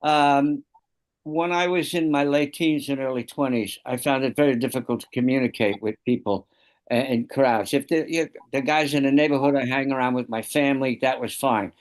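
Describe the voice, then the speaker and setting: A man's voice: mid-range voice, normal speed. An older man sharing a reflective personal story in a study group on a video call.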